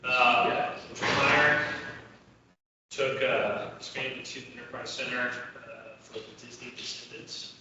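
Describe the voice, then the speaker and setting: A man's voice: medium pitch, fairly even intonation, measured pace, highs cut off, a little hiss or hum. A man hosting a casual team meeting, upbeat and chatty as he runs through announcements and jokes with the room. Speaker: meeting host. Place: large echoey hall with a crowd. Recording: echoey hall from far off, loud crowd.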